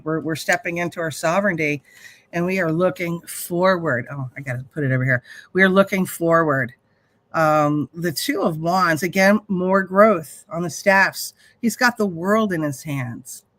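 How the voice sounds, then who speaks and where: A woman's voice: fairly low pitch, a bit bright. A middle-aged woman hosting a livestream, giving a chatty, spiritual tarot reading with some earthy swearing. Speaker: host and tarot reader.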